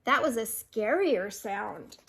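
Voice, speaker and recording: A woman's voice: fairly high pitch, animated, slow, gravelly, a bit bright. An older woman reading a picture book aloud to children, amused and breaking in with chatty asides. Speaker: storyteller.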